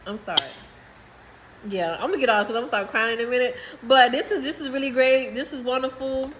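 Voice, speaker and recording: A woman's voice: high-pitched, fairly even intonation, fast talker, a bit bright, a little hiss or hum, rough recording. A woman in giving a rambling, emphatic spiritual message to viewers, swearing freely. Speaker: spiritual reader.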